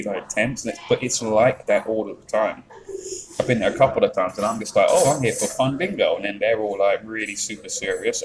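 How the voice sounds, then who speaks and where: A man's voice: on the low side, slight background noise, poor audio. Rambling Yorkshire man on a live stream. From England. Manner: rambling, swears freely, reads chat messages. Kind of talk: casual chat with live chat.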